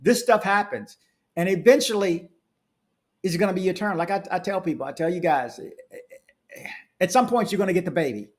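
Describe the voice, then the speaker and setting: A man's voice: sits high, a little fast, pauses often. Ranting man reading travel reviews aloud. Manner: ranting, animated asides, frequent restarts. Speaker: travel vlogger. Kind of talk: casual commentary reading reviews.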